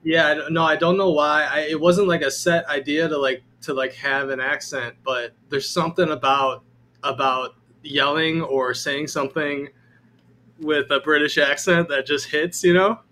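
A man's voice: a little high, steady tone, moderate pace, fairly bright tone, slight background noise. A man from the Chicago suburbs, a musician guest in an interview, talking in a hesitant, laid-back way. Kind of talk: casual interview chat.

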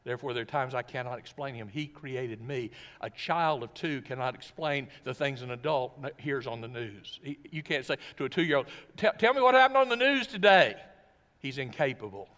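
A man's voice: medium pitch, normal speed, hardly any pauses, a bit bright. Emphatic male pastor with a long hall echo. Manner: emphatic, full of rhetorical questions. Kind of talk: sermon. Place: church sanctuary. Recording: long reverb of a church hall.

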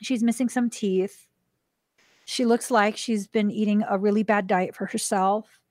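A woman hosting a spiritual podcast tells a personal story casually, animatedly voicing quoted dialogue in a higher pitch and dropping to a soft hush for tender moments. She speaks at a measured pace, and the recording is dry, clean studio sound.

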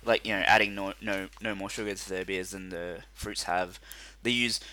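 A man co-hosting a casual chat, rambling and animated with lots of fillers. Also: low voice, normal speed. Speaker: podcast co-host.

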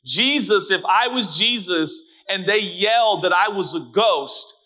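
Man pastor, sermon, high bright voice, dramatic shouts and hushed asides. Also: unhurried. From Portland, Oregon.

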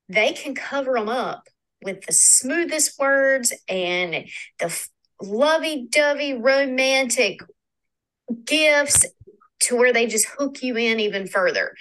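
A woman's voice: a little high, sharp tone, poor audio. A woman with a Southern US accent, leaving a recorded voice message for a podcast about her own experience, earnest and personal. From North Carolina. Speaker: listener sending in a voice message.

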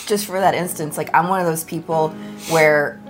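Low-voiced blunt woman talking relationships. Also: steady tone, normal speed, faint music behind. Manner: blunt and direct, filler-heavy. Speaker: ministry co-host. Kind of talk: casual conversation about marriage.

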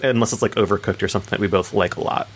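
A young man co-hosting a podcast, chatting in a relaxed, rambling way with many fillers. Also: lowish voice, racing, breathy edge. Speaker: podcast co-host. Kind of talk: casual chat.

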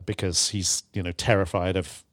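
A man, a therapist explaining treatment calmly in a podcast chat, with many fillers. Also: deep voice, no echo, studio quality. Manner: calm, halting with fillers. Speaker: therapist guest. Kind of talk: casual explanation.

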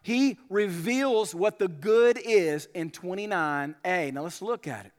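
A man's voice: sits high, animated, takes it slowly, hardly any pauses. A male pastor preaching a sermon, earnest and emphatic, often asking the listeners rhetorical questions. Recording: long hall reverb.

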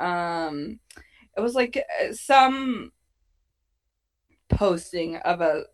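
Woman co-hosting a show recap podcast, lively, swears a lot, jumps into quotes. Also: lowish voice. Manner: animated, swearing, acts out quotes. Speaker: podcast co-host. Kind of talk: casual recap chat about a TV show.

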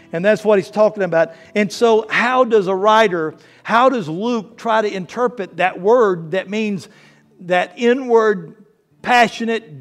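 A male pastor with a high voice preaches a sermon. He swings between hushed, slow lines and loud, fervent passages. Soft guitar plays faintly behind him. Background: soft guitar playing.

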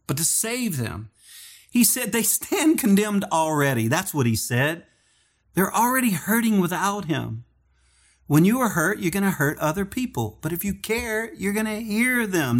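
A man preaching a sermon as pastor, telling stories and acting out the dialogue in a higher voice. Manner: animated storytelling, acts out dialogue in a higher voice.

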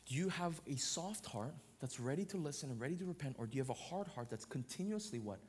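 A man preaching a sermon on marriage, loud and expressive, often checking in with "right?". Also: fairly high pitch, fast talker, slight background noise. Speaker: pastor.

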